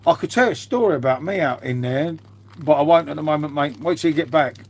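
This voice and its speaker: Speaking quickly in a husky, slightly high voice, a man chats on a live stream from his half-converted home garage. He reads viewer comments, wanders off on tangents, curses at times and calls everyone mate.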